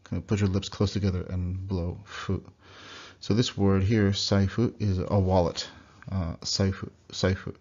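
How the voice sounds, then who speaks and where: Man, deep voice, slide lecture, patient demonstrations, dull lo-fi computer recording. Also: little pitch movement, warm tone. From United States. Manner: explanatory, demonstrates words slowly and repeats them. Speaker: language teacher. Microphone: computer mic.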